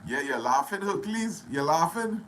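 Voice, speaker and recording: A man with a Trinidadian accent hosting a casual live stream, greeting viewers one by one and talking loudly. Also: on the high side, lively intonation, moderate pace, slight background noise, low-quality recording. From Trinidad and Tobago. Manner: greets viewers by name, loud and friendly. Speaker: livestream host.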